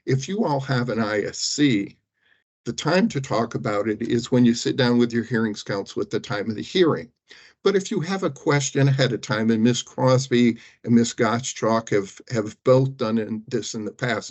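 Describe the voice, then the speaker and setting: A man gives legal counsel to a public board, emphatic and cautionary, with touches of dry self-deprecating humor. His pitch is middling for a man. The audio is somewhat muffled and lo-fi, like a meeting-room recording. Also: darkish tone. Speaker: general counsel advising board members.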